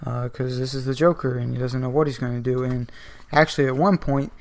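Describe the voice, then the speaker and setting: Man, mid pitch, casual comics reviewer, rambles with lots of "um" and "like". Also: flat delivery, brisk, gravelly. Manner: rambling, filler-heavy. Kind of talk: casual video commentary.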